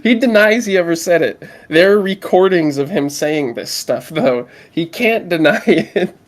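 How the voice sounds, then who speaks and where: A man's voice: sits high, lively intonation, a little slow. A man co-hosting a podcast, chatting casually in a laid-back, joking way with frequent swearing. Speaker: podcast co-host. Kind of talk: casual chat.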